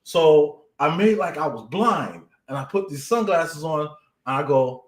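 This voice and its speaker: A man's voice: on the high side, lively intonation, moderate pace, echoey room. Guy cohosting a live stream, cracking jokes, laughs a lot, bouncy voice all over the place. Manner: joking storyteller who laughs often. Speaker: co-host. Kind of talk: casual live-stream chat.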